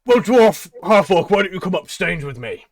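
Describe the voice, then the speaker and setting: A man doing a booming cat-folk tavern recruiter. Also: sing-song, normal speed. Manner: loud, hearty, salesman-like.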